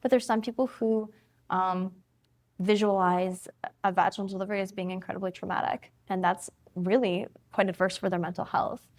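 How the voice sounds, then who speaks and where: A woman's voice: medium pitch, fairly even intonation, normal speed. A woman in her thirties, a family physician from Canada, explaining things in an interview conversation and laughing easily.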